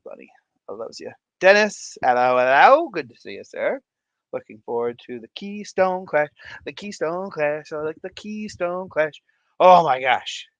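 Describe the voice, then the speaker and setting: A man in his thirties chats on a livestream in an unhurried, drawn-out way, with a bright and forceful tone. He is goofy and excitable and often breaks into laughter. The sound is close and dry, with no room around it. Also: on the high side, dry recording, highs cut off. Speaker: livestream host. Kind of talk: casual livestream chat.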